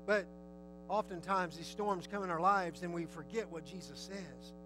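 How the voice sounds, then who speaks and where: A man's voice: high-pitched, normal speed, over music, poor audio. A man preaching a sermon, telling the story vividly and asking his listeners questions. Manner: lively, storytelling, asks the audience questions.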